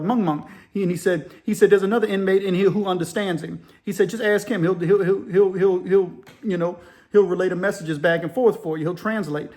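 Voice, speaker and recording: Man, high voice, lively storyteller type who acts out the voices. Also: fast talker. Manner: animated, acts out voices with gibberish sounds, many restarts. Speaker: storyteller recounting prison life. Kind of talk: casual storytelling.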